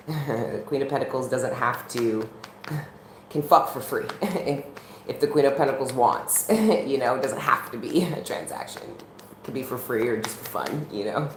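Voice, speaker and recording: A woman with a low voice gives a casual tarot reading, blunt and profane, often breaking into laughter. Her voice rings with a roomy echo over faint background noise. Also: unhurried. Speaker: tarot reader.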